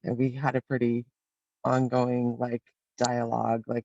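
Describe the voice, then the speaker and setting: A woman's voice: extremely low pitch, monotone, measured pace, vocal fry, dark tone, highs cut off. A woman participant sharing a personal experience in a group, reflective and hesitant with many fillers. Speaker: workshop participant.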